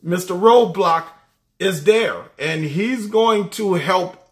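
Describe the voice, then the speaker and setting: A man's voice: sits high, slow pace. A man talking college football casually, enthusiastic, laughing often and repeating his words. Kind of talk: casual sports talk.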